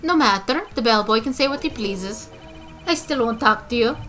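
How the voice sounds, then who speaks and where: A woman's voice: on the high side, lively intonation, normal speed, a bit bright, faint music behind. A woman voicing a pompous, arrogant male corporate chief who talks in grandiose big words, reading game dialogue aloud. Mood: smug. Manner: grandiose, big-word affected speech.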